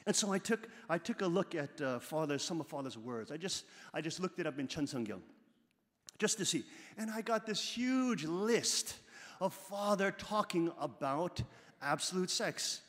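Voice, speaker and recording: A man with a fairly high voice delivers a sermon-style talk. He repeats words and phrases and swells into emphatic bursts. The sound carries a long reverb, as if he is in a large hall. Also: lively intonation, moderate pace, a bit bright. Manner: repetitive, rising to emphatic bursts. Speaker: religious teacher.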